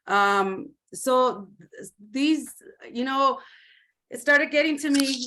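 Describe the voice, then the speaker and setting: A woman advocate from Colorado giving an earnest personal testimony on a video call, halting with many fillers and mixing in Spanish words. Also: sits high, sharp tone. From Commerce City, Colorado. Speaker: community advocate.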